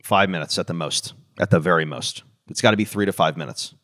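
A man co-hosting a podcast, bantering and boasting in quick casual chat. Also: deep voice, fairly bright tone. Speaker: podcast co-host.

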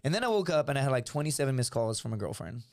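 A man in his thirties, a comedian telling a story on a podcast, animated and laughing mid-sentence. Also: medium pitch, very fast. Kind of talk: casual comic storytelling.

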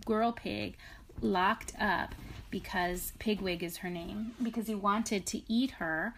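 Woman reading a storybook aloud, mid pitch, pauses, casual asides. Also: slight background noise. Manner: reads with long pauses, then explains in casual chat.

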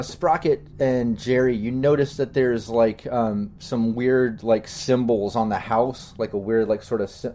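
A man narrating as game master of a tabletop game in a loose, halting way with many fillers. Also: mid-range voice, warm tone, a little hiss or hum.

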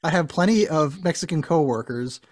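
A man's voice: a little high, animated, a little fast, darkish tone, no echo. Rambling male podcast host, dry sound. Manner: rambling, laughs at his own jokes. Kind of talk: casual podcast chat.

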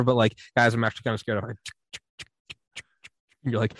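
A man chatting on a podcast, telling a rambling story with animated energy, acting out quoted voices and swearing freely. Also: mid-range voice, quick pace, pauses often, dry recording. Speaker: podcast host. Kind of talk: casual podcast chat.

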